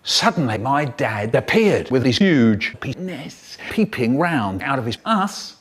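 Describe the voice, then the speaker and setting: A man telling a children's story in a theatrical way, with sudden jumps in pitch and loudness and silly voices for the people in it. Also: sing-song, unhurried, breathy edge. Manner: does silly character voices. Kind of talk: animated storytelling, cut up and remixed.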